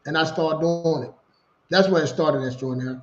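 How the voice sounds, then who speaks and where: Man, 40s, guest on a call, animated storyteller, slightly high voice, echoey dull line. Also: brisk. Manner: animated, repeats himself, acts out dialogue. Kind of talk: casual storytelling. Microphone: video call. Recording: lo-fi roomy video call.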